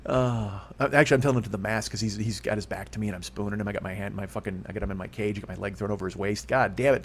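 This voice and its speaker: A man in his fifties hosting a solo comedy podcast, rambling and profane with a self-mocking streak. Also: fairly low pitch. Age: 50s.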